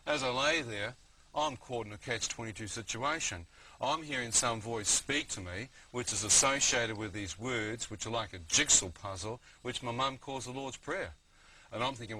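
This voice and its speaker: New man, bright voice, vivid storyteller, faint hiss. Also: mid-range voice, fairly quick, low-quality recording. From New Zealand. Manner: vivid, keeps saying "you know what I mean". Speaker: guest. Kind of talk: testimony storytelling.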